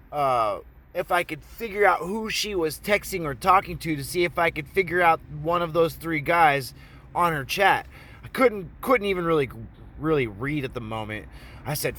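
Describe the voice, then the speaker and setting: Male vlogger from Oregon, casual rambling storyteller, cusses freely, slightly high voice. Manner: rambling, profane, animated retelling. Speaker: vlogger telling a personal story.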